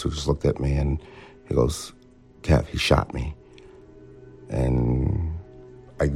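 A man telling an interviewer about a shooting he witnessed, halting and full of fillers, acting out what was said. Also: rumbling low, vocal fry, warm tone. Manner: halting, filler-heavy, acts out remembered dialogue. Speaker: eyewitness interviewee. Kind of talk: recounting a shooting in a documentary interview.

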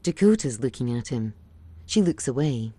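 A woman reading scripted audio description of a film, calm and even. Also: very deep voice, normal speed, a little hiss or hum.

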